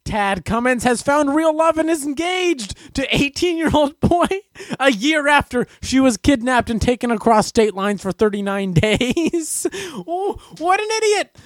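A man hosts a comedic news commentary, ranting and sarcastic as he works himself up. His pitch swings widely with lively animation. The recording is dry and close, with no room sound. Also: measured pace, dry recording. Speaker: host of a news commentary show.

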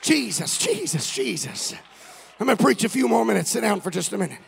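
A man's voice: high-pitched, animated, gravelly, a faint crowd, a little hiss or hum. A man preaching a Sunday sermon in a fervent, rhythmic style, with repeated declarations and many "uh" fillers. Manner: fills pauses with frequent "uh". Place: church on a Sunday morning.

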